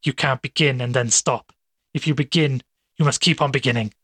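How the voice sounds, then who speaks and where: A man voicing a smooth, domineering male doctor who talks in a persuasive, coaxing way. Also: medium pitch, steady tone, normal speed, fairly bright tone, no echo, studio quality.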